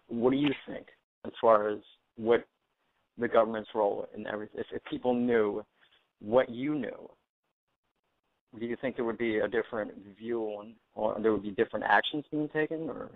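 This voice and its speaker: A man with a gravelly, creaky voice comes through a thin, phone-like line with no room sound at all. He talks in halting bursts, stops and starts over, and his pitch leaps up when he gets flustered. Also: steady tone, no echo. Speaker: call-in guest. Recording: tinny phone line, dry.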